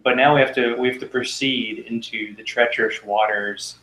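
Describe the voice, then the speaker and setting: A man hosting a casual talk show, rambling along with dry humor. His voice sits at a middling pitch. The sound is roomy and echoey. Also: steady tone, normal speed, pushed and bright, a little hiss or hum. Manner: rambling, wry. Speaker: podcast host. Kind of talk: casual chat. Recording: roomy echo.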